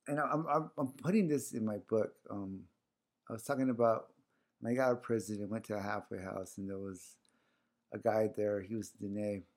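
A man's voice: on the low side, gravelly. A man talking casually as a guest, telling a personal story with lots of fillers and acting out what people said. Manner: rambling with many fillers, acts out quoted dialogue. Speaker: guest organizing a community series.

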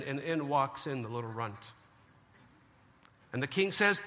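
A man preaching a lively sermon, joking and acting out the people of the story. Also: high voice, normal speed, in a large hall. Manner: animated, joking, acts out biblical figures. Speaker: pastor.

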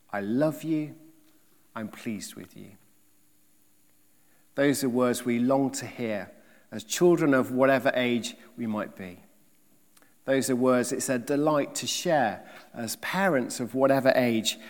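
A man preaching a sermon, emphatic, with rhetorical questions and swings between loud and soft delivery. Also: medium pitch, big-room sound.

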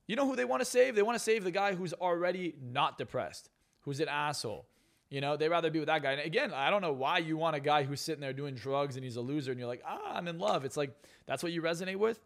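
Brash, fast-talking young man. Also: a little high, creaky, fairly bright tone. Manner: profane, brash and emphatic. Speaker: guest, hypnotist and success coach. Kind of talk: blunt podcast interview talk.

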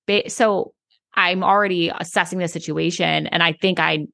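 A woman's voice: on the low side, steady tone, normal speed, gravelly, sharp tone, no echo, clean studio sound. A woman hairstylist co-hosting a casual chat, agreeable and emphatic. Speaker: podcast co-host, hairstylist.

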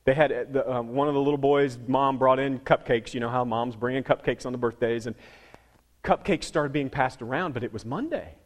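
A middle-aged man preaching a sermon as a pastor, telling stories with dramatic swings from loud to hushed. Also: medium pitch, fairly quick.

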